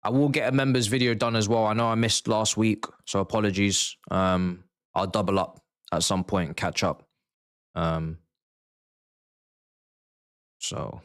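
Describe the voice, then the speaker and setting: A man hosting a live football watchalong, reacting in a slangy, excitable way, swinging between mumbled asides and shouted outbursts. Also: lowish voice, measured pace, long pauses, smooth. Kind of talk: live match reaction commentary.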